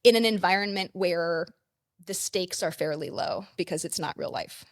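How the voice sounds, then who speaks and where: A woman's voice: on the low side, normal speed, dry recording, studio quality. A woman counselor and play therapist explaining ideas in a conversational interview, with frequent "like" fillers.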